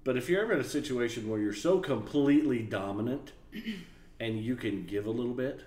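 With a mid-range voice and a slightly fast delivery, a man tells a work anecdote to camera in a casual way. He's animated and acts out other people's voices as he goes. The space sounds echoey, with faint noise behind him.

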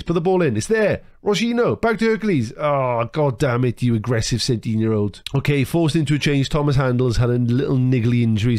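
A young man talks through a football management game as it plays, quick to curse and quick to cheer. His voice sits at a middling pitch and sounds dry and close, with no room around it. He swings between muttered tactics and loud yells at his players. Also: no echo. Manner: animated, swears and shouts at the players. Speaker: gaming YouTuber. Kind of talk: excited live game commentary.

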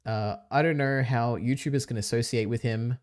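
A man's voice: medium pitch, fairly even intonation, normal speed, dry recording, studio quality. Laid-back laughing male streamer. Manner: laid-back, chatty, trails off and laughs often. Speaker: streamer host. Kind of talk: casual stream chat.

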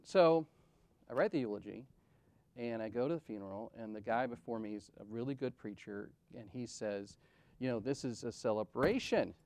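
Middle-aged male conference speaker, heartfelt storyteller, punchy rhetorical questions, shifts from booming to hushed. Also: normal speed, slight background noise. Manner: animated, rhetorical questions, swings from loud to soft. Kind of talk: personal storytelling talk.

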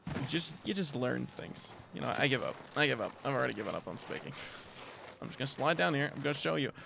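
A man streaming a game, talking to viewers in an excitable way, shrieking and swearing at surprises and cooing at cute creatures. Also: mid-range voice, fast talker, creaky, background noise. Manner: coos affectionately at game creatures. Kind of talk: live gameplay commentary. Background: game music.

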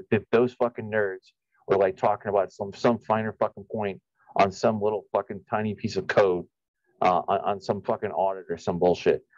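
Man, rambling profane rant, sarcastic, low voice, dry dull lo-fi sound. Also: darkish tone, no room sound. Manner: rambling, swearing, many restarts and repeated phrases; sarcastic, scornful. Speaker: YouTube commentator.

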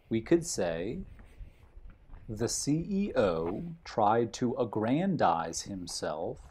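A man teaches vocabulary outdoors on a hiking trail, taking it slowly and explaining each word step by step. His voice is mellow and a little husky, and he restates every example in plain terms. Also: mid-range voice. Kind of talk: walking vocabulary lesson.

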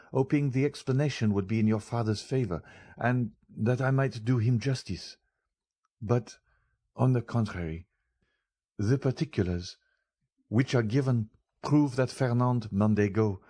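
A man voicing an earnest young male journalist in an audiobook, speaking in a measured, solemn way. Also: fairly low pitch, natural voice. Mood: grave. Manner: measured and solemn, gently explaining. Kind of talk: audiobook character reading.

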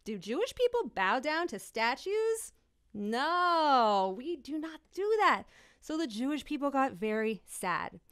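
A woman's voice: high voice, big pitch swings, measured pace, fairly bright tone. A woman hosting an interactive children's holiday show over a video call, bubbly and encouraging, calling out children by name. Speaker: children's musician and host.

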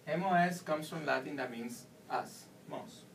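A man's voice: on the high side, a little slow. A man giving a whiteboard lesson as a Spanish teacher, explaining patiently step by step. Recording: distant mic with faint room noise.

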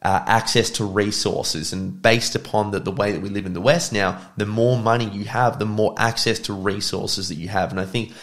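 A man's voice: lowish voice, fairly even intonation, moderate pace, few pauses, a bit bright. A man giving reflective commentary on podcast clips, thinking aloud with fillers. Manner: reflective, talks it through with fillers. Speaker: podcast reviewer.

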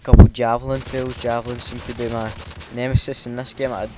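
A man's voice: medium pitch, flat delivery, a little fast, heavy background noise. A Scottish man giving casual, hesitant commentary over his gameplay, with lots of filler ums. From Scotland. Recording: loud game gunfire behind.

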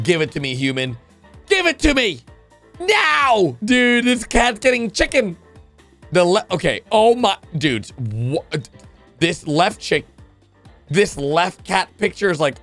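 A man reacts to funny videos with casual, excitable commentary, bursting into exclamations and hopping from one thought to another. His voice sits high.

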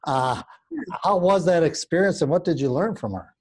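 A man hosting a casual interview, asking questions in a halting way with fillers. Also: fairly high pitch, lively intonation, breathy edge. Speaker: interview host.

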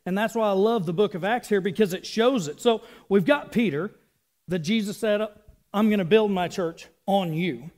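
A man's voice: high voice, a little mellow. A man in his thirties giving a casual, chatty sermon with asides. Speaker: preacher.

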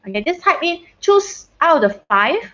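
A woman's voice: high-pitched, very animated, normal speed, pushed and bright, lo-fi sound. A woman teacher giving an online science lesson on a video call, chatty and casual, often checking that her students can hear her and slipping in short Mandarin phrases. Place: online class.

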